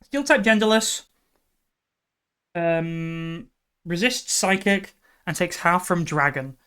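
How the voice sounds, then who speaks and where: Low-voiced woman streamer thinking aloud. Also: slow pace, fairly bright tone, clear, resonant tone. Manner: thinks aloud, bursts into exasperated outbursts. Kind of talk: live stream chat while gaming.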